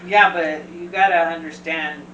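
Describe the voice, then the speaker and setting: A woman's voice: deep voice, moderate pace, lo-fi sound, noisy background. A woman hosting a casual chat, telling a story and acting out what others said. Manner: animated storyteller, acts out quotes. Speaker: host. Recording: echoey room, distant mic.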